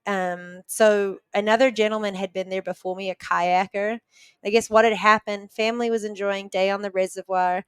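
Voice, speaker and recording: A woman from New Zealand, a podcast guest, earnestly retelling a personal story with quick restarts. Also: medium pitch, flat delivery, a bit bright, smooth, no echo.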